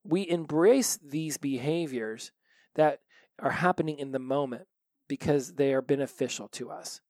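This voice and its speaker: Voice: mid-range voice, darkish tone, no echo. A podcast host speaking in an emphatic monologue, with rhetorical questions and casual swearing. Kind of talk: solo recovery podcast monologue.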